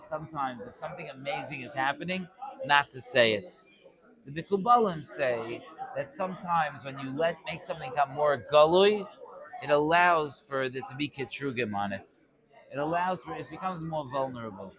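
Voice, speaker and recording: A man giving an informal Torah class to a live audience, conversational and acting out quick bits of dialogue. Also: a little high, a crowd in the background.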